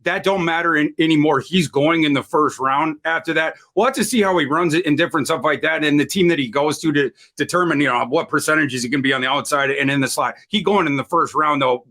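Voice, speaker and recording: A man with a slightly high voice who makes his case emphatically on a panel. He rambles and restarts his sentences often. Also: fairly bright tone. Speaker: fantasy football analyst. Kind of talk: panel draft discussion.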